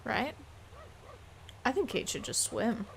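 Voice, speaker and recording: Young woman game streamer, playful running chatter, gravelly edge to her voice. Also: on the high side, very animated, slow, slight background noise. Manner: chatty, playful, musing aloud. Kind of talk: live game stream chat.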